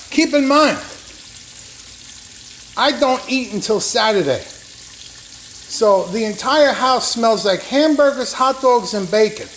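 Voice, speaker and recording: A man's voice: extremely high pitch, fairly bright tone, a little hiss or hum. A man talking casually in a rambling, profane vlog at home. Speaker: vlogger. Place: home kitchen.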